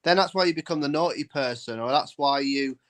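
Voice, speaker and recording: A man's voice: mid-range voice, a little fast, a bit bright. A man chatting casually and making teasing jokes. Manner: joking, teasing banter. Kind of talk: casual chat.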